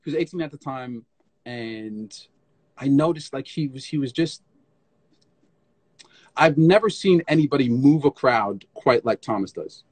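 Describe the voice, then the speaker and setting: A man as guest in a casual live interview, an animated storyteller who scats rhythms and restarts often, on a phone stream. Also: medium pitch, unhurried, pauses often, breathy edge, no room sound. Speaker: guest tap dancer.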